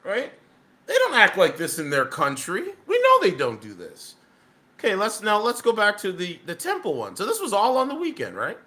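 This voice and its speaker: A man's voice: sits high, wildly swooping pitch, moderate pace, bright, forceful tone. A man giving rambling video commentary, often tagging his sentences with "right?". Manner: rambling, keeps asking "right?".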